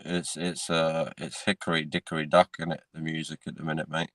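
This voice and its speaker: Deep-voiced man, dry sound. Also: flat delivery, a little fast, fairly bright tone, no room sound. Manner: laid-back, peppers speech with "mate" and "innit". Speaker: podcast co-host. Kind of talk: casual chat.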